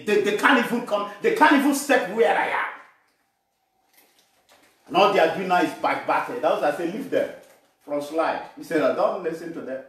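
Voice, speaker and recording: A man from Nigeria preaching a sermon with animation, shouting and laughing as he addresses the congregation. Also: sits high. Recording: echoey room, voice from far off.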